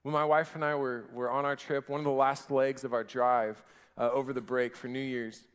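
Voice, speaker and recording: A pastor in his thirties delivers a sermon in a relaxed, conversational style, frequently restarting phrases and adding fillers. His medium-pitched voice is clear and resonant, moving at a normal pace, and he is recorded in a large hall.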